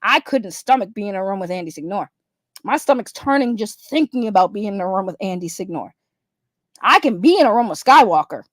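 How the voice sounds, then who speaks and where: A woman's voice: medium pitch, lively intonation, fairly quick, no room sound, clean studio sound. A young adult woman streamer giving blunt, profane ranting commentary, repeating her points for emphasis.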